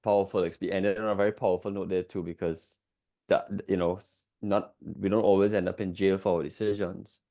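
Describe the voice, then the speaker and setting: Low-pitched guy co-running a coaching class, reflective, gets animated telling stories. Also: a little fast. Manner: reflective, shifts into lively, incredulous retelling. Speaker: co-host. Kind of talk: teaching a masterclass.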